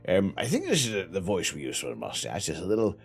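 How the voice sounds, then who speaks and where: Soft music plays behind this livestream host, a man whose low voice swings hugely in pitch at a quick, slightly rough pace. Broadcasting from home during night imaging, he rambles chattily, sighs a lot, and his tongue and lips are numb.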